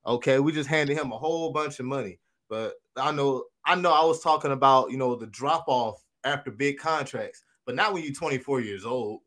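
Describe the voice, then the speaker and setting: A man in casual sports-podcast chat, his voice sitting at an ordinary middle pitch. He talks conversationally and often stops to correct himself mid-sentence. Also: normal speed, few pauses, a bit bright. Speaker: podcast co-host.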